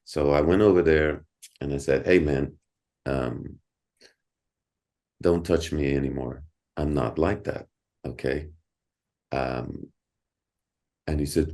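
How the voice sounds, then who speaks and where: A middle-aged man, a podcast guest, telling a story in casual talk, animated and repeating words, laughing often. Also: rumbling low.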